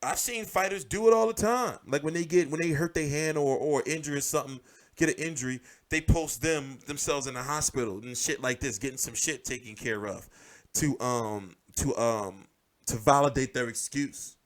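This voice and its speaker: A man's voice: medium pitch, normal speed. A man hosting casual boxing commentary, ranting with lots of swearing and repetition. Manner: animated, profane, repeats himself.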